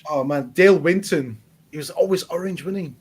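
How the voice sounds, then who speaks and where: A man's voice: a little high, a little fast, husky. A man co-hosting a live advice stream, joking, teasing and laughing at his own puns. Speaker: advice show co-host. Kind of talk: casual live-stream banter. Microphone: webcam on a live stream.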